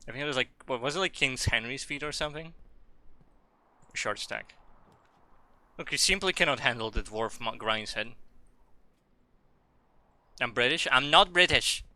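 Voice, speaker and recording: Bright-voiced joking male game streamer. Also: medium pitch, normal speed, pauses often, no echo. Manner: rambling, jokey, profane, with loud excited bursts. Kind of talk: casual live gameplay commentary.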